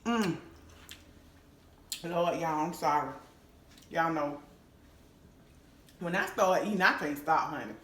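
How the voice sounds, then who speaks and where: A woman's voice: deep voice, unhurried, pauses often, fairly bright tone. A woman hosting her own cooking vlog, chatting casually to viewers and humming over the food as she tastes it. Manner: chatty, savoring aloud with lots of hums and "y'all". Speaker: cooking channel host. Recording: echoey room with faint noise.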